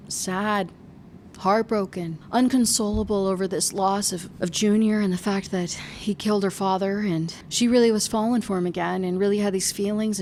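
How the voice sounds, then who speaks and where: A woman's voice: medium pitch, a little mellow, slight background noise. A young adult woman reviewing a book in a casual rant, sarcastic, exasperated and profane.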